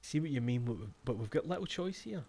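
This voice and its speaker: A man's voice: mid-range voice, animated, quick pace, darkish tone. Male streamer, casual, reads game text aloud, salty asides. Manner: profane, laughing asides between read-outs.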